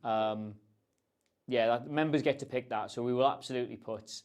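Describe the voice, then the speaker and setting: A man's voice: mid-range voice, normal speed, darkish tone, smooth. Chatty rambling male livestream host. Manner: chatty, rambling, self-deprecating. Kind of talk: casual livestream chat answering questions.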